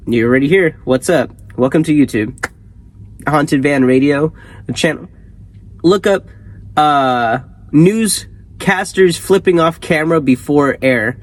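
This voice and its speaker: Excitable male host, slightly high voice, rambles off-script mid-story. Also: measured pace, low-quality recording. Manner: rambling and excitable, often breaking into laughs. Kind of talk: casual reading of a horror story with comedic tangents.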